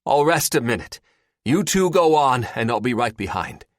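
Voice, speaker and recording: A man's voice: medium pitch, expressive, normal speed, a bit bright, no echo, studio quality, pitched above the performer's own voice, lightly acted. A male audiobook narrator voicing a stubborn, pious grown woman who gives firm commands. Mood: strained.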